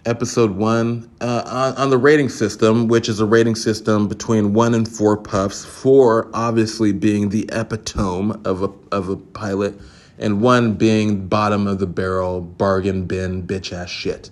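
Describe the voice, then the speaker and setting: A man's voice: fairly low pitch, flat delivery, normal speed, darkish tone. A man hosting his podcast alone, giving a casual, rambling review full of profanity and jokes. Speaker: podcast host.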